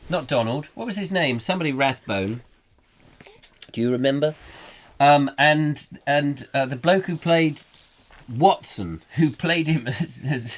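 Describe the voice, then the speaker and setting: A man's voice: mid-range voice, fairly bright tone. A middle-aged Englishman hosting a live comic chat show, rambling playfully and slipping into silly voices. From England.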